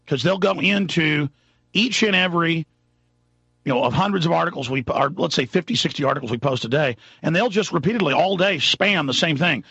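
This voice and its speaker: Male talk radio host, rambling and fired up, husky voice with a dry, dull studio sound. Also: on the high side, dry recording. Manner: impassioned, rambling, shifts between mutters and shouts.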